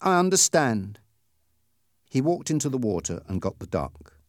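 A man's voice: fairly low pitch, big pitch swings, dark tone, no echo, clean studio sound. A man reading a story aloud as narrator, in scripted storybook narration. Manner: slow, clearly paced reading.

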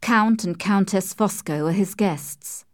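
A woman narrating a classic novel in a calm, measured storytelling voice. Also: medium pitch, no room sound, studio quality. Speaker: audiobook reader. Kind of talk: scripted narration.

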